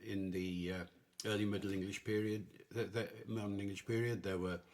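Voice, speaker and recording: A man's voice: lowish voice, fairly even intonation, normal speed, a little mellow. An older man as a language professor guest, explaining patiently in a podcast discussion.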